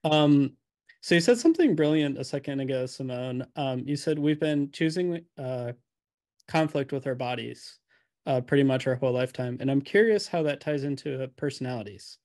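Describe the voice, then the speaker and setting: A man's voice: mid-range voice, animated, moderate pace, a little mellow. Hesitant man asking a question. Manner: hesitant, many ums and uhs.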